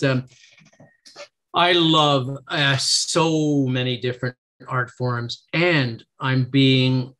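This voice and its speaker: A man's voice: mid-range voice, a bit bright. Earnest middle-aged man, motivational. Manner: earnest, motivational, acts out quotes in a lifted voice. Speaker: podcast guest, negotiation trainer. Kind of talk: casual interview.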